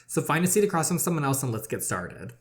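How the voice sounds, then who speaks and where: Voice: mid-range voice, sing-song, fast, close to an everyday voice. A gamer reading the lines of a male event host announcing rules to a bar crowd.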